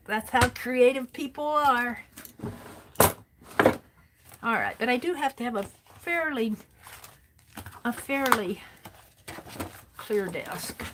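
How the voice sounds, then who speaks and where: Female craft streamer, unhurried, half-talking to herself, noisy desk recording. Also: on the high side. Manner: chatty, talking to herself while tidying and sewing. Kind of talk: casual craft livestream chat.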